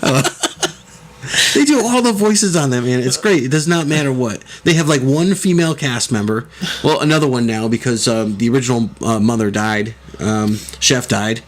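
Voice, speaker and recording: A man's voice: mid-range voice, moderate pace. A middle-aged man co-hosting a casual podcast chat, joking and quoting cartoon lines in put-on voices. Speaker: podcast co-host.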